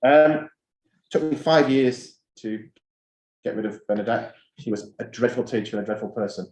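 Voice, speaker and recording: A middle-aged man giving a talk at a conference of school heads, telling stories from his career in a relaxed, conversational way. He drives points home by repeating short phrases. His mid-pitched voice carries the roomy echo of a hall. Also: moderate pace. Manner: anecdotal, conversational, repeats key phrases for emphasis. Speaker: school head giving an address.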